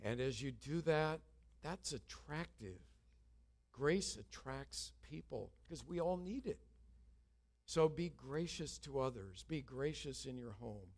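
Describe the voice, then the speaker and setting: A man's voice: mid-range voice, lively intonation, takes it slowly. Older man preaching an earnest sermon. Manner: earnest preaching with humorous asides. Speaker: pastor.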